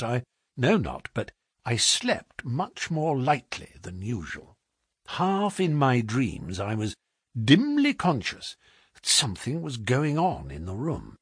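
A man narrating a story in the first person as an audiobook, with expressive delivery that drops to hushed tones in suspenseful passages. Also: medium pitch, husky, dry recording, clean studio sound.

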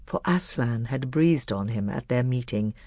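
Gravelly, husky male audiobook narrator. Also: medium pitch, unhurried, dry recording, studio quality. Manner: expressive storytelling.

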